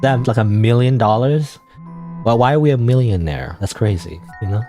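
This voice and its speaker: A man's voice: mid-range voice, expressive, normal speed, music in the background. A young man streaming a story game, casually commenting, reading dialogue aloud and rambling with frequent self-interruptions.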